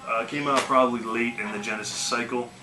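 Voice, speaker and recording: In this casual storytelling clip, a man who vlogs about collecting video games talks a little fast in a medium-pitched voice with fairly even intonation. He's relaxed and rambling as he recounts yard-sale finds, leaning on "you know" and "man" a lot. Faint music plays in the echoey room.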